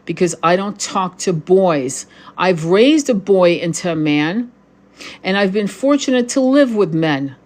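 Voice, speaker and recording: A woman's voice: lowish voice, lively intonation, a little slow, darkish tone. A middle-aged woman, a tarot reader and spiritual guide, ranting angrily on a livestream and swearing often at her viewers. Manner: angry, profane and confrontational.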